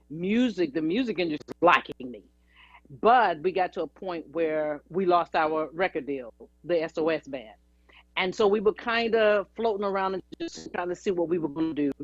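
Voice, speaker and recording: A woman's voice: lowish voice, no echo. Chatty woman telling stories, dry lo-fi. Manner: chatty, anecdotal storytelling. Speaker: guest, singer and actress. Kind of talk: storytelling interview. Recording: dry, dull lo-fi audio.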